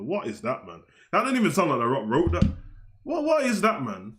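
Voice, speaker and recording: High-voiced man ranting. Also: huge pitch swings, fairly quick, slight background noise. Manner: slangy, heated, rambling rant. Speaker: wrestling show host. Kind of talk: ranting casual commentary.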